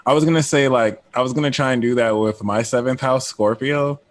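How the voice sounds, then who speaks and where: A man's voice: medium pitch, fairly even intonation, brisk. A man guest in a casual astrology chat, often hesitating and trailing off with "like" and "I don't know". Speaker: podcast guest.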